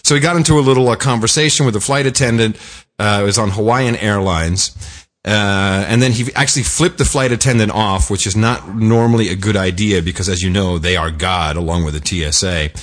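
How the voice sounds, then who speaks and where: A man's voice: on the low side, a little fast. A man co-hosting a talk podcast, telling stories in a joking, casual way with frequent laughs. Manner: joking, storytelling, laughs often. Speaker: podcast co-host. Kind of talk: casual chat.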